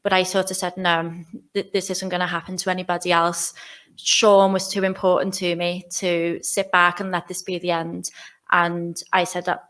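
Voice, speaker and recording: A woman's voice: on the low side, level tone, moderate pace, a bit bright. A woman from Liverpool with a Liverpool accent, giving a conference keynote in a nervous, candid, chatty way with many fillers. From Liverpool, England. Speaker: keynote speaker. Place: conference hall stage.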